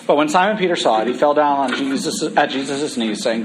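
A man preaching a conversational sermon, humorous at times and slowing down for emphasis. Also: mid-range voice, animated, crowd noise.

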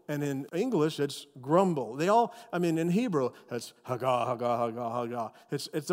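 A male pastor preaching a sermon with animated, emphatic storytelling. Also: high voice, in a large hall.

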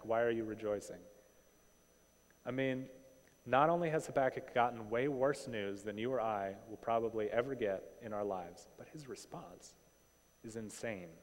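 A man preaching a sermon in a conversational, animated way, often asking rhetorical questions. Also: mid-range voice. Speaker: pastor. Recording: long hall reverb.

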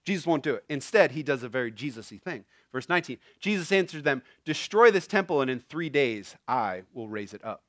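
A young man preaching a sermon, animated and casual, rising to near shouts on key points. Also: medium pitch, fairly quick, hardly any pauses, no room sound, studio quality. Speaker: pastor.

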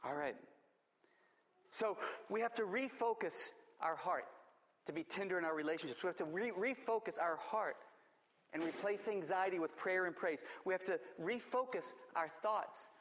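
A man's voice: high-pitched, moderate pace, fairly bright tone. A man preaching a sermon as a pastor, emphatic, repeating his key phrases. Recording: long church reverb.

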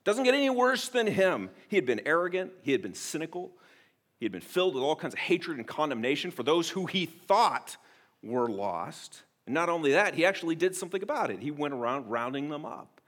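A man's voice: fairly high pitch, big pitch swings, brisk. Earnest male pastor preaching. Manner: earnest, emphatic, swings between soft and loud; restarts phrases often. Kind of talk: sermon.

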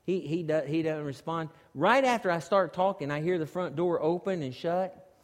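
A man is preaching a sermon, telling his story with lively energy that builds nearly to shouting. His voice sits high for a man and rings out with the long reverb of a large hall. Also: normal speed. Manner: animated storytelling, rising to near shouts. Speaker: pastor.

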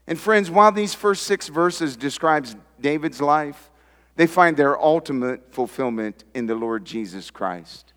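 A male pastor preaching a sermon in a slightly high voice, building emphatic swells of pitch and volume. The sound carries a long reverberant tail, as in a church sanctuary. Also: expressive, a little slow, fairly bright tone.

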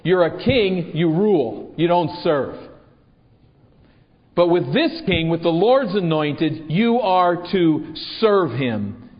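Guy preaching a sermon, kinda high voice, long church echo, dull muffled sound. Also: expressive, slow pace. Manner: rhetorical questions to the congregation.

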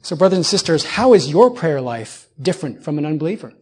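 A man's voice: on the high side, sing-song, fairly quick, darkish tone, husky. A man in his thirties preaching a sermon as a pastor, building on repeated phrases and putting rhetorical questions to his congregation.

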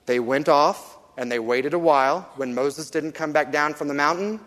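A man's voice: a little high, fairly bright tone. Man preaching in a reverberant hall. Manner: earnest, measured, slows for emphasis. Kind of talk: sermon with scripture reading.

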